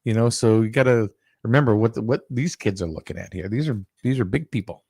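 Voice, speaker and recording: A man casually chatting and telling a story with lively energy, acting out the people in it. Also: mid-range voice, fast, gravelly, husky, no room sound, studio quality. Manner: animated storyteller, acts out quoted people loudly.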